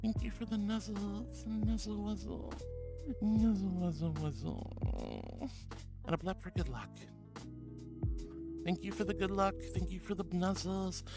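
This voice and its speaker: A man's voice: high-pitched, normal speed. A man hosting a casual livestream, bubbly and affectionate, reading chat messages aloud and calling viewers honey and sweetheart. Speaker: streamer. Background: music.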